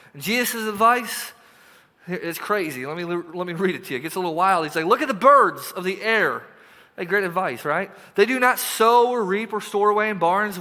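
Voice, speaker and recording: A high, bright-voiced male pastor delivers a lively sermon, acting out dialogues and sinking into quiet, intense passages. His voice rings with a long reverb from the church hall. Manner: animated, acts out dialogue, drops to hushed intensity. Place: church sanctuary.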